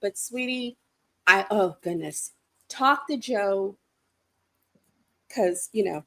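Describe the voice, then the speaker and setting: A woman co-hosting a casual chat, animated and laughing often. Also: mid-range voice, takes it slowly. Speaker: co-host.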